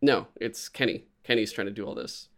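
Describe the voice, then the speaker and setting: A man's voice: on the low side, a little fast. A man in casual podcast chat, rambling and swearing as he animatedly retells a story. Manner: rambling, profane, animated retelling with put-on voices.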